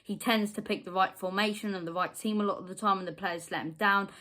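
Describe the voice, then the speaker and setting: A woman hosts a football fan channel and delivers a furious post-match rant. Her voice is pitched in an ordinary middle range. She drops into low, gutted grumbling, then bursts out louder and higher, and she hammers her points home by repeating them. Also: steady tone, quick pace. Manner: heated and exasperated, repeating points for emphasis; jumps from low grumbling to loud, high outbursts.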